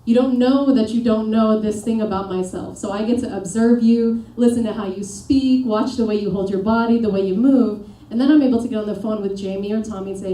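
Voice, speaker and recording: Energetic woman coaching a live audience. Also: a little high, fairly quick, hardly any pauses. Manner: energetic, rallying the audience with questions and commands. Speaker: peak performance coach. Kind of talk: motivational seminar talk. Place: seminar room with a live audience. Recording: echoey room, voice picked up from a distance.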